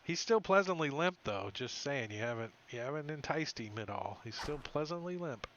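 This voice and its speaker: A man's voice: mid-range voice, lively intonation, moderate pace, fairly bright tone, a little hiss or hum. A man narrating as dungeon master, in a loose, rambling way that slips into goofy creature voices. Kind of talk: narrating a tabletop game. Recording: dull lo-fi stream audio.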